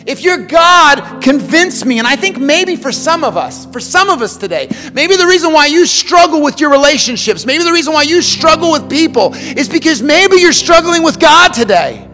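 A male pastor preaching a sermon, swinging between loud passionate emphasis and hushed quiet stretches, often repeating words as he starts a phrase. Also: extremely high pitch, very animated, moderate pace, hardly any pauses, long reverb tail, faint music behind.

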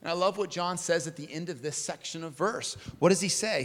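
A man preaching a sermon in a large church hall, telling stories with big swings in loudness and pitch. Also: sing-song, fairly quick, few pauses. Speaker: pastor. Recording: long hall reverb.

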